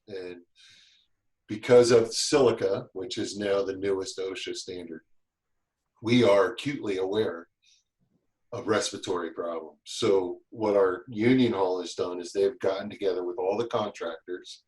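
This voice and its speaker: A man talks in an easygoing, rambling way, often restarting his sentences. His voice sits on the low side, and there is a roomy echo around it. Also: a little mellow. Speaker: guest, safety instructor. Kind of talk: casual chat.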